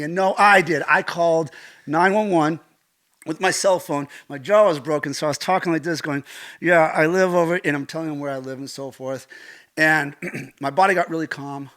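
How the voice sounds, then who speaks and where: A middle-aged American man, a stunt coordinator, telling a vivid personal story with lively gestures and acted-out quotes. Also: a little high, brisk. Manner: animated, acts out quotes, swears casually.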